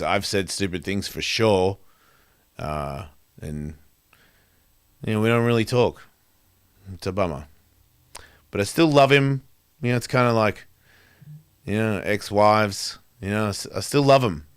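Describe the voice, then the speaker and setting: A man's voice: lowish voice, measured pace, long pauses, smooth, dry recording, studio quality. A middle-aged man, hosting his show and speaking candidly in a profane, rambling, confessional way. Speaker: host. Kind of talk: candid monologue.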